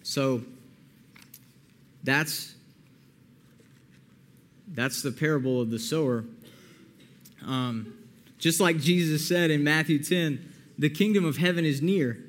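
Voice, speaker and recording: A young man preaching a sermon, praying earnestly and then retelling a parable in a lively way. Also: on the high side, measured pace. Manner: earnest, pleading prayer, then animated retelling. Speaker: pastor. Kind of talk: sermon with prayer and scripture reading.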